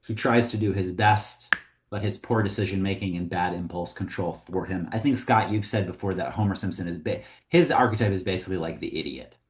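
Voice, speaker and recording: Man, lowish voice, casual comedy writing lesson, filler words, roomy echo. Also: fairly quick. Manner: conversational, with frequent ums and likes. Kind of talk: casual teaching talk.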